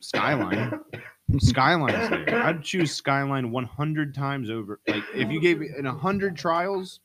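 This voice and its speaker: A man's voice: medium pitch, expressive, slow pace, crowd noise. A man hosting a casual podcast, chatting loosely and often restarting his sentences. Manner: loose, rambling with frequent restarts. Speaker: podcast host.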